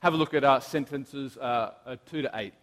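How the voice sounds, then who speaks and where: A young man, preaching a casual sermon, telling stories in a chatty, animated way with lots of fillers and restarts. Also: medium pitch, normal speed. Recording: long hall reverb.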